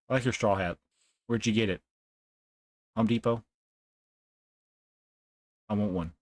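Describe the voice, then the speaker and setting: A man's voice: on the low side, no echo, clean studio sound. A young man live-streaming a game, chatting casually, laughing often and talking to the characters on screen.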